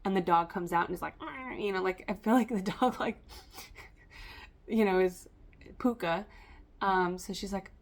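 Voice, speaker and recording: A woman's voice: medium pitch, steady tone, unhurried, long pauses. Woman tarot reader talking straight to camera, loose and rambling, full of "um" and "like". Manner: rambling, stream-of-consciousness, many fillers. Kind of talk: casual spiritual reading to camera.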